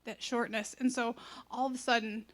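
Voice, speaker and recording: A fairly high-voiced woman tells a story at church in a chatty, animated way. She acts out the other voices as she goes. She sounds like she is in her thirties. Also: moderate pace. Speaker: church member sharing a testimony. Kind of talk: casual storytelling testimony.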